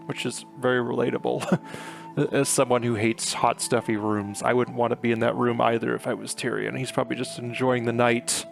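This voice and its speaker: Gravelly-voiced male book reviewer, chatty and loose, with soft guitar bed. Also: medium pitch, flat delivery, moderate pace. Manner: chatty, filler-heavy retelling with paraphrased quotes. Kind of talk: casual book recap.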